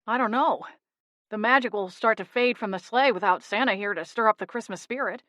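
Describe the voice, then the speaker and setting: A woman's voice: mid-range voice, brisk, fairly bright tone, no echo, clean studio sound, natural voice. A woman voicing a small, loyal male gnome who speaks indignantly and earnestly. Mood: worried.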